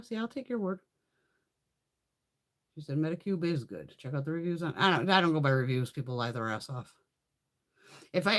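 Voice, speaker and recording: A woman hosting a casual makeup livestream, telling stories bluntly with plenty of swearing and reading out viewer comments. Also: on the low side. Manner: profane, blunt storytelling, reads viewer comments. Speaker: livestream host.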